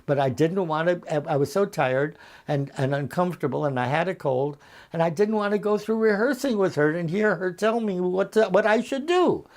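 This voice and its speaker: A man in his eighties, a veteran actor being interviewed over a video call from his home, telling stories in an unhurried way and acting out the voices of the people in them. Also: sits high, lively intonation. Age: 80s. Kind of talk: anecdotal storytelling.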